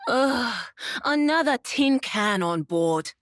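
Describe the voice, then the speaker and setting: A jittery voice-haunted psyker. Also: female voice, fairly high pitch, lively intonation, slow pace, dry recording, studio quality. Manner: wry, nervous, laughing to herself. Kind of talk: video game voice acting.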